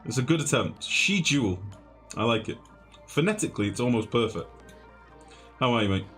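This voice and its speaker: A young man streams a video game live, chatting to viewers in a flustered way and poking fun at himself. His medium-pitched voice is expressive and fast, with music clearly audible behind it.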